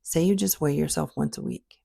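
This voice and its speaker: Podcast host, woman, deep gravelly voice, direct motivational coach who hammers points home. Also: brisk, warm tone. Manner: direct coaching, emphatic repetition.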